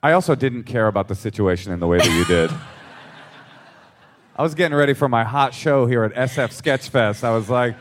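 A man's voice: medium pitch, lively intonation, brisk. Wisecracking man with dry asides. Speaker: podcast co-host. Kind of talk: comedic banter on a live podcast. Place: on stage in a theater.

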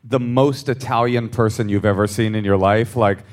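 A man's voice: lowish voice, fairly even intonation, normal speed, darkish tone. A man co-hosting a live comedy podcast on a theater stage, trading dry, wisecracking asides. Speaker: podcast co-host.

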